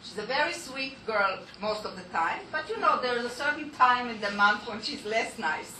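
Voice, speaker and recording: Middle-aged woman lecturer, conversational, bright, slightly high voice. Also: expressive, normal speed, a little hiss or hum, low-quality recording. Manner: conversational, explains with acted examples. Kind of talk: informal lecture.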